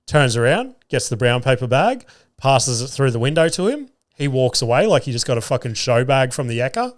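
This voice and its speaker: A young adult man with an Australian accent, telling a story on his podcast. He acts out each exchange and swears freely, at an average pitch. The recording is dry and close. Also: a little fast, no echo. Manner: animated storyteller acting out dialogue, swearing freely. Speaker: podcast host. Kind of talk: casual storytelling.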